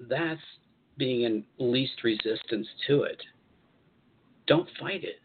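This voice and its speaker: A man hosting a spiritual advice show, speaking in an encouraging, repetitive way and pausing to comment as he reads articles aloud. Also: mid-range voice, slight background noise. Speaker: host channeling spirit guides. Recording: tinny phone-like audio.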